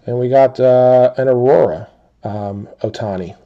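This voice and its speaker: A man's voice: mid-range voice, muffled recording. A man hosting a card break, steadily reading out team names and players one after another. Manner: steady rapid-fire listing of teams and players. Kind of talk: calling out cards in a box break.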